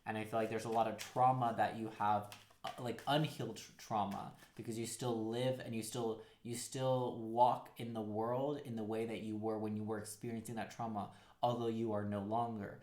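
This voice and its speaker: A man's voice: on the low side, level tone, normal speed, a little mellow, roomy sound. A man giving a casual, rambling tarot card reading, full of fillers and acted-out quotes. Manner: rambling, heavy use of "like", acts out quotes. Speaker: tarot reader.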